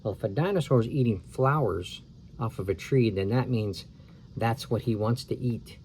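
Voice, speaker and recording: A man's voice: fairly low pitch, moderate pace, a little mellow, a little hiss or hum. A man reading a chapter book aloud to children, breaking off for chatty asides that explain the story. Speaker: storybook reader.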